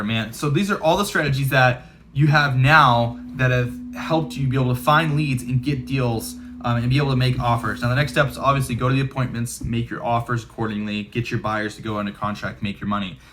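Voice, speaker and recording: A man's voice: medium pitch, fairly even intonation, brisk, noisy background. A man and real estate investor coaching viewers in a casual, chatty way, with lots of fillers. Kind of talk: casual instructional talk to camera.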